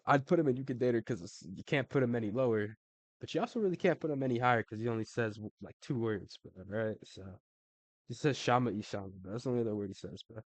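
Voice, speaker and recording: A man's voice: medium pitch, expressive, fast talker, no echo. A man giving casual, slangy commentary as a YouTuber ranking fighters, laid-back and saying "bro" a lot.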